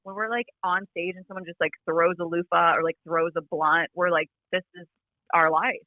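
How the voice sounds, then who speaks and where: A woman chatting as a podcast guest over a remote call, talking quickly with lots of "like" fillers and a fry in her voice. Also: fairly low pitch, fairly even intonation. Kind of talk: casual chat. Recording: phone-like remote line.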